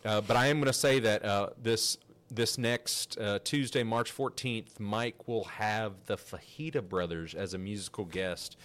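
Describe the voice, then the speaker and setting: A man hosting a podcast, telling a story in a casual, animated, rambling way with frequent restarts. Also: lowish voice, a little slow, hardly any pauses. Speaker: podcast host.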